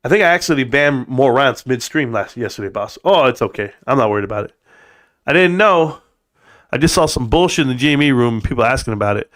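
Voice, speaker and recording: Hosting a casual live stream, a Californian man reads chat while joking, speaking bluntly, swearing, and calling everyone "bro" a lot. His mid-range voice is fairly bright, with lively intonation and a fast delivery.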